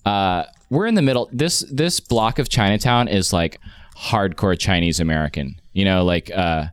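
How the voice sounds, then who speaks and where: A man's voice: sits low, normal speed, smooth, no room sound. A man in his forties telling a long anecdote in casual chat, rambling with many restarts and fillers.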